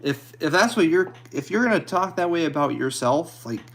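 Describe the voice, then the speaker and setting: A man streaming and answering viewer comments in a halting, hesitant way, apologetic and a little anxious. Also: a little high, lively intonation, a bit bright. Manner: halting, hesitant, with many restarts; apologetic and modest. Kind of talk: casual live chat.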